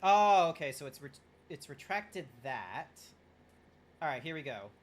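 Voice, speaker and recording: A man's voice: fairly high pitch, very animated, a little slow. Rambling, joking male game streamer. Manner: rambling, joking, swears, talks to chat. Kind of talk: casual gameplay streaming chat.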